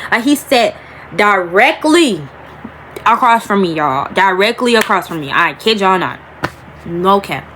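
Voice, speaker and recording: A woman's voice: mid-range voice, fairly bright tone, a little hiss or hum, poor audio. Young woman telling a story. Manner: emotional, rambling, addresses viewers as y'all, slows and rises on emphasis. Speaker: vlogger. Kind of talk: storytime vlog talking to camera.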